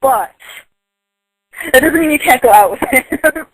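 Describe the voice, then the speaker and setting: In a voice post, a woman tells a casual story from work, chatty and giggly and full of likes and ums. Her high-pitched, animated voice is slightly rough and measured in pace, captured in a dry, poor-quality recording.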